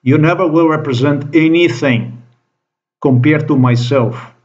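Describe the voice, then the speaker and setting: A man's voice: fairly high pitch, measured pace, a little mellow. Man ranting angrily into a lo-fi recording. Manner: profane, accusing rant with repeated phrases. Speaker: vlogger. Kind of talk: angry monologue to camera. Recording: dull lo-fi recording.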